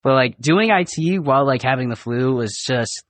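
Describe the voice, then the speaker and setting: A man's voice: mid-range voice, moderate pace, dry recording. A young man, a recent Marine recruit, telling boot camp stories in casual podcast chat, swearing often and acting out his drill instructors. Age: young adult. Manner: animated, profane, acts out drill instructors. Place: podcast studio.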